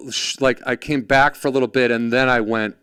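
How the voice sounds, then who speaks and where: A man hosting a casual podcast interview, telling animated stories and acting out the voices of people he quotes. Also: medium pitch, brisk, clear, resonant tone, no echo, clean studio sound. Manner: animated storyteller, acts out quoted voices, laughs often. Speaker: podcast host.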